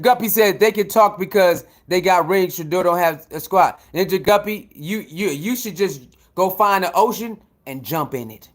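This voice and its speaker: A man giving heated, incredulous commentary, swinging between shouts and low mutters, with speech. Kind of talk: animated ranting commentary.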